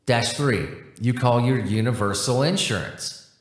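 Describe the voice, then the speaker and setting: A man voicing a bored, weary non-human support agent who talks in a flat, procedural way. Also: mid-range voice, unhurried, natural voice. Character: bored, sour male cosmic support agent. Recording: roomy echo.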